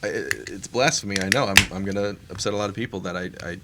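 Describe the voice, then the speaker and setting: A man's voice: low-pitched, fast talker, heavy background noise. A man co-hosting a casual beer podcast, laughing often and talking with many fillers and restarts. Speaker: podcast co-host. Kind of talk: casual chat.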